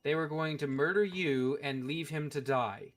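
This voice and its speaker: A man's voice: a little high, moderate pace. A male podcast co-host in casual chat, heavy on swearing and strong opinions. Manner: profane, opinionated ranting.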